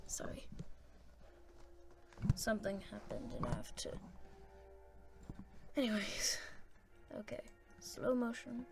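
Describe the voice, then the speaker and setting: A woman giving casual gameplay commentary, rambling and hesitant as she thinks aloud. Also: medium pitch.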